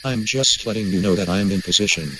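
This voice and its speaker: An actor playing a loyal, admiring sidekick who speaks matter-of-factly in a comedy radio play. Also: male voice, lowish voice, fast talker, close to an everyday voice. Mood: earnest. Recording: noisy ambience behind.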